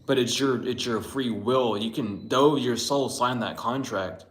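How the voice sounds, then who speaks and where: Speaking a little slowly in a medium-pitched voice, a man does an informal tarot reading with a spiritual bent. He swears a lot, wanders off topic, and doesn't sugarcoat anything, all in an echoey room.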